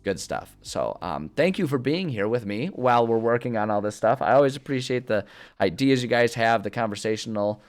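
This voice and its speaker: A man's voice: mid-range voice, expressive, a little fast, faint music behind. A streamer thinking aloud in casual chat as he plans a story, rambling with many fillers and restarts. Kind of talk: casual livestream chat about story planning.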